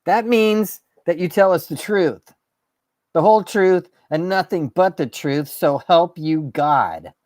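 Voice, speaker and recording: A man's voice: fairly high pitch, expressive, takes it slowly, darkish tone, dry recording, clean studio sound. A man hosting his own show, ranting in a fired-up, sarcastic way and swearing. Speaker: host. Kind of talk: ranting monologue.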